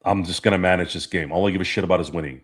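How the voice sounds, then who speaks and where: Man, sports stream host, lowish voice, rambling, swears, laughs a lot. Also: fairly even intonation, very fast. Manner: rambling, profane, laughs often. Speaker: podcast host. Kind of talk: casual sports chat reading live chat.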